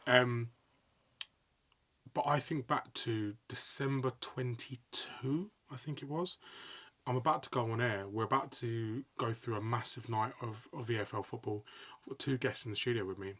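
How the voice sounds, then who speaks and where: A young adult man, a sports broadcaster, telling stories in an animated, excitable way during a casual interview. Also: medium pitch, normal speed. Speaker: sports broadcaster, podcast guest.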